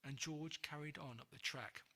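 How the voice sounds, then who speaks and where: A woman reading a rhyming picture book aloud in an expressive, breathy voice with dramatic pauses. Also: sits low. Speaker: narrator. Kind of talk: rhyming storybook read-aloud. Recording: long hall reverb.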